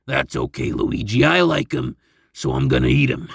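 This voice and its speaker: Mario, as a man does him, low and lazy. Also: wildly swooping pitch, gravelly, breathy edge, no echo, studio quality, full character voice. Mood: stubborn. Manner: slow, low and stubborn. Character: lazy adult plumber on lunch break.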